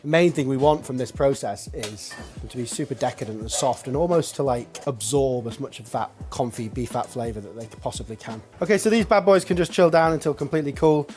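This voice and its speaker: A man with a British accent, a chef calmly talking through a cooking demonstration step by step. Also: mid-range voice, fairly quick, hardly any pauses. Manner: calm step-by-step instruction. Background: faint background music.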